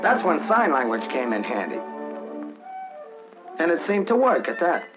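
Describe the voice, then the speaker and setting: A man tells the story as one of the flyers in a 1940s documentary, wry and folksy, with a fairly high voice and bouncy intonation. The sound is a dull, lo-fi old film track with music underneath. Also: huge pitch swings, unhurried. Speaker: narrator speaking as a flyer. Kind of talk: 1940s wartime documentary narration.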